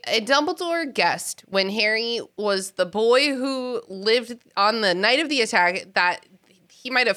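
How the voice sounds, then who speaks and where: Woman, podcast host, bright tone, animated, exasperated chat. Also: medium pitch. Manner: animated, exasperated, laughs often.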